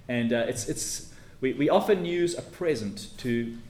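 A man gives a teaching sermon in an echoey room, with a faint hum of ambience behind him. His voice sits at an ordinary middle pitch. He lays out his points carefully and leans hard on each key word. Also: animated, slow, a little mellow. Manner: teacherly, emphatic, stresses key words. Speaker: preacher. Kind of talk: expository sermon.

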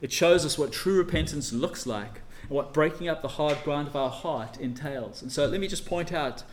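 A man preaching a sermon and reading scripture, earnest, swelling loud on key phrases and dropping soft for emphasis. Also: a little high, moderate pace, a little hiss or hum.

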